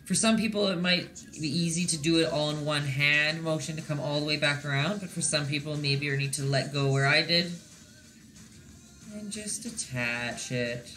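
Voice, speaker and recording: A woman's voice: low-pitched, moderate pace, a bit bright, soft background music. A woman leading a casual live-stream painting lesson, chatty and encouraging, often checking in with her viewers as she goes. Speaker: painting instructor.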